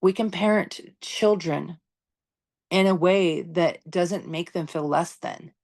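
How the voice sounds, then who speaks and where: Candid woman with a lowish voice, emphatic. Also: slow pace, a little mellow. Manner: candid, emphatic, swears freely; conversational, lots of "you know" and "right?". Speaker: podcast host. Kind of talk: casual monologue on parenting.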